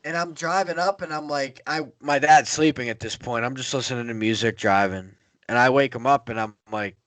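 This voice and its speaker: A young man spins a rambling road story in casual podcast chat, swearing freely and getting animated as he goes. His voice sits at an ordinary middle pitch, recorded dry and close with little room sound. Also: fairly quick, dry recording. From Pittsburgh area. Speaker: podcast host.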